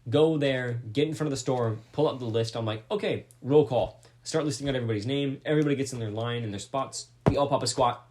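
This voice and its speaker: A young man spins a long story for his podcast co-host, talking loosely and swearing as he goes. His voice sits in an ordinary middle register. The delivery is relaxed and rambling. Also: medium pitch, fast, hardly any pauses, slight background noise. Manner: rambling, profane, animated retelling. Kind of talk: casual storytelling chat.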